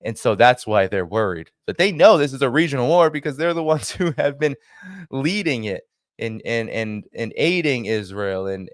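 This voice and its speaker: A man speaking as a guest commentator on a livestream, arguing his points forcefully. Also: on the low side, no room sound, studio quality.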